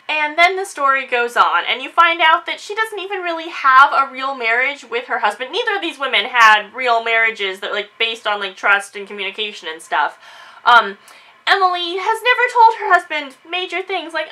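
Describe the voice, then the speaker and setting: A woman chatting casually in a book discussion vlog, animated and quick to act out quotes. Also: sits high, low-quality recording. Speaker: book reviewer.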